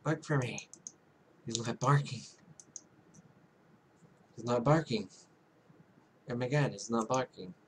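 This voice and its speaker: A man casually commentating a game he is playing, soft-spoken and rambling, making fun of himself. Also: medium pitch, takes it slowly, pauses often, a little hiss or hum. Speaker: gaming YouTuber. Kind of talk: casual let's-play commentary.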